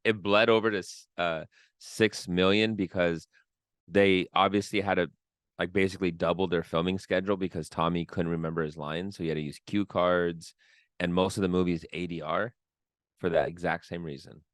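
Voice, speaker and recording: A man's voice: deep voice, moderate pace, smooth, no echo, clean studio sound. A man co-hosting a podcast, telling stories casually with lots of fillers. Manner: relaxed storytelling with frequent fillers. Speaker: podcast co-host.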